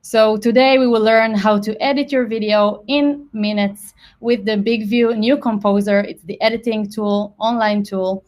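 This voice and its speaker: Woman, webinar host, friendly, welcoming, medium pitch, video call. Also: fairly even intonation, measured pace, darkish tone. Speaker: product marketing manager, webinar host. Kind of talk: live webinar hosting.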